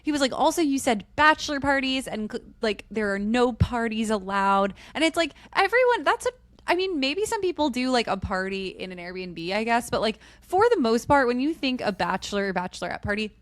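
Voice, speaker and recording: A woman's voice: on the high side, very animated, brisk, no room sound. Young woman co-host in casual chat, agreeing with lots of "yeah," recorded dry and close. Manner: supportive listener, frequent "yeah", retells the story back. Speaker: podcast co-host.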